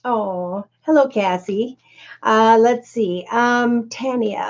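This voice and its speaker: A woman's voice: fairly high pitch, slow, muffled recording. Chatty middle-aged woman reading tarot live. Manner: chatty, greets viewers by name, rambles. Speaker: tarot reader hosting a live stream.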